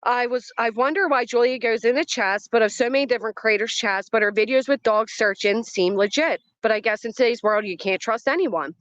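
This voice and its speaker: A woman's voice: on the high side, brisk, few pauses, a bit bright, dry recording, muffled recording. A woman hosting a livestream who reacts to a clip, greets people in the chat, and picks apart what she hears with a skeptical, argumentative tone. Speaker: commentary livestream host.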